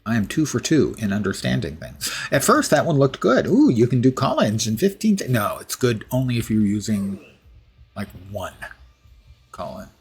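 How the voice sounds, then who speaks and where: Husky chatty streamer guy, voice jumps all over, rambles and pokes fun at himself. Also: mid-range voice, huge pitch swings, normal speed. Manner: chatty, rambling, self-deprecating. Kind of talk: live gameplay commentary.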